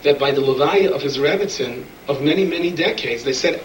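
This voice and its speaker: A man delivers a sermon full of stories, switching into the voices of the people he describes. His voice sits a bit high for a man. He is heard from some distance in a roomy, echoing space with faint ambient noise. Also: quick pace, hardly any pauses. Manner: animated storyteller, acts out voices in quotes. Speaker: rabbi telling stories. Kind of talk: sermon storytelling. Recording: echoey room, speaker away from the mic.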